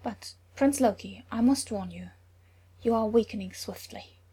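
A stern older healer delivering firm, cutting judgments with a clipped, caustic edge, as a woman reads her. Her voice is slightly breathy, set in a spoken storybook. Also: fairly high pitch, a little slow, warm tone. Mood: grave.

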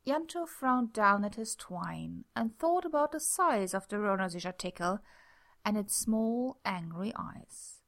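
A young woman reading a story aloud in a soft voice, dropping to a near whisper in tense passages. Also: mid-range voice, animated, a little slow. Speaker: reader. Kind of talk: reading fan fiction aloud.

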